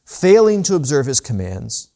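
A man preaching a sermon as pastor, rising and slowing down to stress the scripture he reads. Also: mid-range voice, sing-song, vocal fry, dark tone. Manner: earnest preaching, rises and slows to stress scripture. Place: church.

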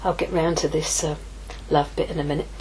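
A woman preaching a sermon, lively, moving from hushed asides to exclaiming. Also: low voice, fairly quick, a little hiss or hum, low-quality recording. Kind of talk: sermon teaching.

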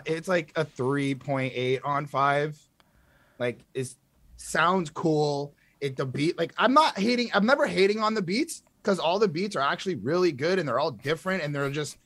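Emphatic young man, higher voice. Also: animated, moderate pace, fairly bright tone, dry recording. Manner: emphatic, blunt, stammering restarts. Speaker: podcast co-host reviewing music. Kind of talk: casual album review chat.

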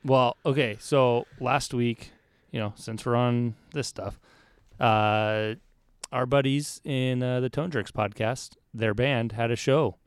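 A man's voice: medium pitch, steady tone, slow, clean tone, no echo. A man co-hosting a podcast, easygoing in casual chat. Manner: easygoing, short agreeing replies. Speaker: podcast co-host.

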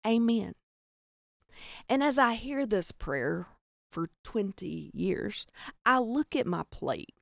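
A young woman from the American South talks in a chatty, self-mocking way, with lots of "like" in her speech. Her Southern accent is clear, and her voice has a gravelly fry. The sound is close and dry. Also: mid-range voice, big pitch swings, slow pace, a bit bright, dry recording. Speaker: podcast host. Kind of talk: comedic storytelling monologue.

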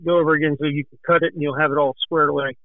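A man's voice: fairly high pitch, racing, dry recording. Breathless folksy man on a phone line. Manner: animated, folksy, rambling with restarts. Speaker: guest telling a racing story. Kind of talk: casual storytelling.

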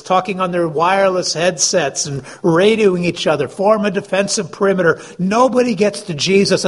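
A man preaching in a storytelling way, slightly high and husky. He pulls his listeners into the scene and poses questions to them. The tone is that of a pastor speaking to his congregation. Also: fairly bright tone. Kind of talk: sermon.

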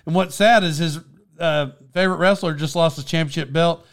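Oklahoma guy, pretty high voice, laughs thru his stories, just casual chat. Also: brisk, a bit bright, clean tone. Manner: laughs often while telling stories.

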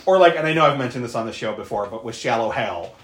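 A podcast co-host recaps a horror film in loose, profane chat and keeps breaking into laughter. The pitch swings widely, from low mutters up to sudden squeaky peaks. The recording is roomy, with plenty of echo. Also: animated, fast talker. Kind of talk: casual movie recap chat.

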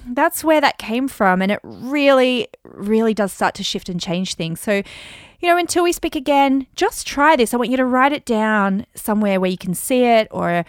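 A woman's voice: medium pitch, no echo. Upbeat woman podcast host, dry sound. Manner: upbeat, chatty, repeats affirmations slowly for emphasis. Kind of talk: casual motivational podcast talk.

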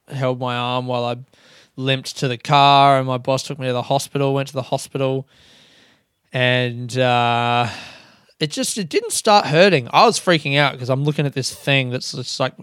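Young Australian male podcaster, crisp smooth voice, dead-dry close mic, casual sweary storyteller. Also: mid-range voice, fairly even intonation, normal speed, a bit bright, no echo. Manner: sweary, self-mocking, laughs often. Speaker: podcast host.

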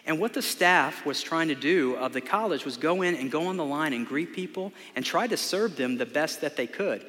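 A man's voice: on the high side, expressive, moderate pace, fairly bright tone. Earnest man preaching in a reverberant church. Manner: conversational, earnest, with filler words. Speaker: pastor. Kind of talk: sermon with storytelling and prayer. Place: church sanctuary.

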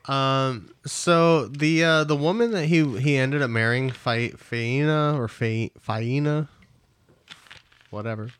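A man's voice: mid-range voice, slow pace, a bit bright, clear, resonant tone. A man co-hosting a casual podcast, telling stories in a laid-back way with swearing and hesitant fillers. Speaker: podcast co-host. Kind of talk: casual crude podcast chat.

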